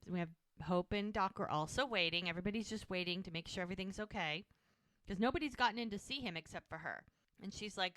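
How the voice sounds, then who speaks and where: A woman's voice: lowish voice, normal speed, fairly bright tone, dry recording. A woman co-hosting a podcast, casually retelling a TV episode scene by scene and quoting the characters. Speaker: podcast co-host recapping a TV episode. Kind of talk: casual recap chat.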